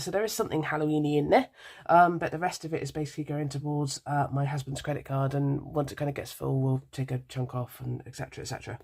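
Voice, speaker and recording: A chatty British woman in her thirties talks to her viewers with a stuffy, nasal voice from a head cold. She rambles and apologises, filling gaps with ums, in a slightly low voice. Coins clink faintly behind her. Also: a little mellow, slight background noise. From United Kingdom. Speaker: budgeting vlogger. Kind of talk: casual chat to camera while sorting coins.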